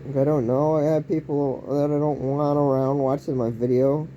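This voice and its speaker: A man rambling through a casual home vlog indoors, using odd word choices and breaking into sudden yelled outbursts. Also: on the high side, flat delivery, normal speed, a little hiss or hum. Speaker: vlogger.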